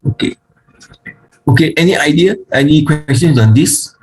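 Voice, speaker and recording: A man teaching a grammar lesson, speaking haltingly with frequent fillers and restarts, and slowly reciting word forms one by one. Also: fairly high pitch, a little mellow, poor audio. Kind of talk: online Hebrew grammar lesson.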